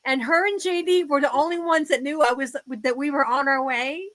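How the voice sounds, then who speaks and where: A woman in casual chat, telling a rambling, excited story with many false starts. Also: high-pitched, a little fast, no echo, rough recording.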